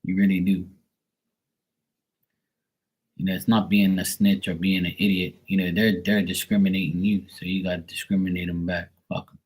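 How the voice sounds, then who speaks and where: A man reading tarot on a live stream, chatting bluntly to a viewer, swearing freely and getting animated when worked up. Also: low voice, a little fast, husky, low-quality recording. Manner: blunt, swears often, talks straight to a viewer. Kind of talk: casual live-stream chat.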